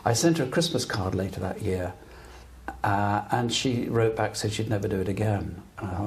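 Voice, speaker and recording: A man's voice: lowish voice, normal speed, darkish tone. An older man from Britain who tells stories earnestly and emphatically as a guest at a public talk. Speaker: guest broadcaster. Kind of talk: live public interview storytelling. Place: talk venue with an audience.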